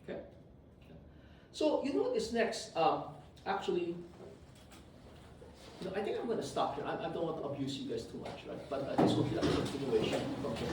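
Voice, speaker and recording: Male lecturer, lively and teasing, slightly high voice, echoey hall, distant mic. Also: a little fast, long pauses, a little hiss or hum. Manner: animated, teasing, asks "did you see?" often. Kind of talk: live classroom lecture with live coding. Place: classroom.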